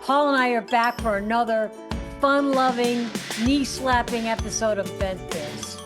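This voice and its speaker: A woman co-hosting a podcast, chatting casually and telling a rambling, animated story. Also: fairly high pitch, measured pace, music in the background. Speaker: podcast co-host. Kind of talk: casual chat.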